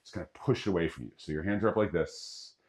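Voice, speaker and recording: Speaking low and fast, a middle-aged man teaches qigong moves as guided exercise instruction. He's casual and jokey, talking through every breath with step-by-step cues.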